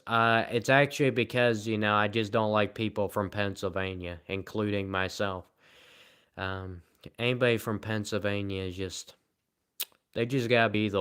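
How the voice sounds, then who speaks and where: A man with a Southern American accent and a low, smooth, resonant voice. He answers livestream comments in a loose, casual ramble, with flat, deadpan humor at his own expense. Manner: rambling, deadpan and self-mocking. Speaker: live streamer.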